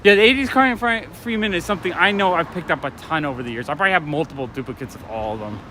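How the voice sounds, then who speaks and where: Walking a city street at night, a man livestreams with a handheld phone or camera, his voice fairly high and fast over background noise. He chats in a casual, enthusiastic, rambling way, full of fillers and restarts.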